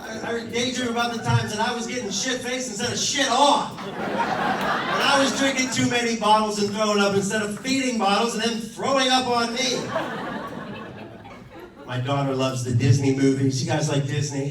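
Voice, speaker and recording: A man's voice: high-pitched, normal speed, noisy background. Profane man in his thirties doing stand-up. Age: 30s. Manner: profane, exasperated storytelling with acted-out quotes. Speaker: stand-up comedian. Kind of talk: stand-up set. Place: comedy club stage with a laughing audience. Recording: echoey room, mic heard from a distance, crowd laughter.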